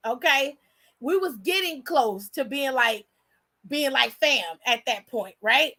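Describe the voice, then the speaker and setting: A young woman hosting, telling a story in a blunt, profane and animated way. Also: sits high, slow. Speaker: host. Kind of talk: casual storytelling.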